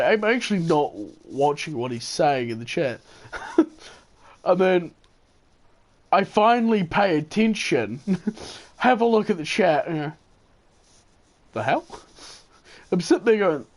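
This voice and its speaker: A man telling a gaming story in a casual, rambling way, chuckling and correcting himself as he goes. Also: on the high side. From New Zealand. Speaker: gaming channel host. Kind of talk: casual storytelling gameplay commentary.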